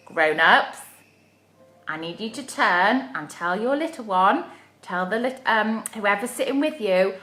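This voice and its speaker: In a reverberant home room, a woman with a fairly high, sharp-toned voice livestreams a craft playalong for young children. Leading the activity, she stays encouraging and sing-song throughout.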